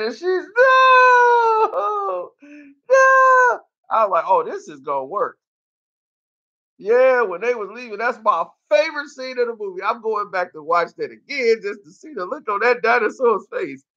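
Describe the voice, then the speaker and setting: A man reviewing a movie in casual talk, animated and laughing often as he acts out scenes. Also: high voice, a little fast, few pauses, dull audio.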